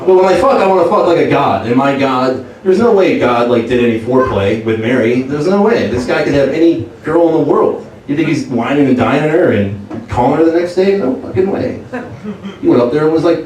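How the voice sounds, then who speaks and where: A man's voice: mid-range voice, animated, fairly quick, darkish tone, slight background noise. A man doing a stand-up comedy set with brash, crude punchlines. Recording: echoey club from far off with crowd. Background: crowd laughing.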